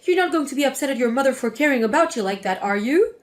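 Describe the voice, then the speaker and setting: A woman's voice: sits high, lively intonation, fast, soft background music. A woman voicing a spiteful, scornful older mother-in-law in a dramatic story reading. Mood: defensive. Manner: sneering, contemptuous.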